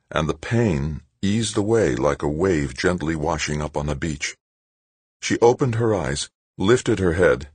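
A man reading an audiobook in steady, measured scripted narration. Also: rumbling low, breathy edge, no echo.

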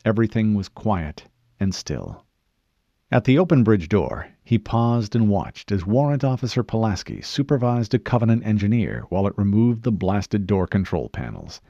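A fairly low-pitched male narrator reads an audiobook, telling the story in an expressive yet measured way. The audio is dry and lo-fi.

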